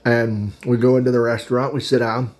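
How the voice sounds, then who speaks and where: A man in his thirties spins a rambling, casual story, stopping now and then to chew his food and chuckle. His voice sits at an ordinary middle pitch, and cutlery clinks and dishes clatter behind him. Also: level tone, a little fast. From Pittsburgh area. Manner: rambling, chatty, laughs at his own story; eating while talking. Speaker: podcast host.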